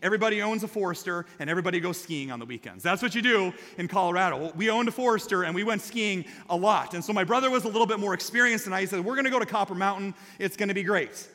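A man delivers a sermon with animated storytelling and a high, bright voice. He swings from lively, loud peaks to quiet, earnest passages. His words ring out in a large church hall with a long reverb. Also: racing, hardly any pauses. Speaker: pastor.

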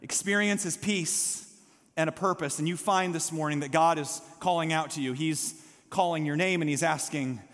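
A man's voice: on the high side, moderate pace, fairly bright tone, long reverb tail. A male pastor preaching a sermon in a church sanctuary, impassioned and building to calls for response.

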